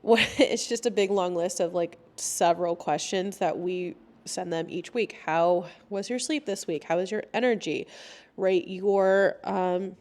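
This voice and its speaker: A young adult woman hosting a casual solo podcast, chatty and laughing often, sometimes acting out quoted lines in a higher voice. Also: unhurried, a little mellow. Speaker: podcast host.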